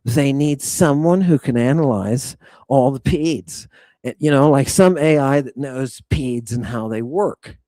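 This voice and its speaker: A middle-aged man hosting a live stream, reading viewer comments and riffing on them in an excitable, profane, rambling way. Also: mid-range voice, measured pace, no room sound. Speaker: livestream host reading chat. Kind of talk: casual live-stream chat.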